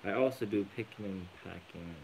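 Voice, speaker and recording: A man's voice: fairly low pitch, a little fast, creaky, a loud crowd, rough recording. A young man from Hawaii co-hosting a casual live stream at home, explaining things at length in great detail, recorded on a phone. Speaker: co-host of a couple's live stream.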